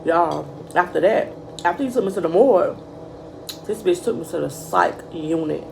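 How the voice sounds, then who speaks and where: Young woman, vlogger, casual storytime, curses freely, talks to viewers as y'all, raspy vocal fry, faint hum behind. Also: fairly low pitch, normal speed. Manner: profane, animated, addresses viewers as y'all.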